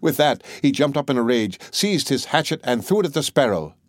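A man reading a fairy tale aloud as an audiobook narrator, in a measured, even manner. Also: mid-range voice, dry recording, clean studio sound. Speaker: audiobook reader. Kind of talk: storybook narration.

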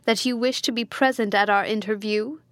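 A woman's voice: medium pitch, fairly even intonation, a little fast, no echo, close to an everyday voice. A woman voicing an imperious, cruel medieval prince in a Gothic audiobook reading, curt and commanding.

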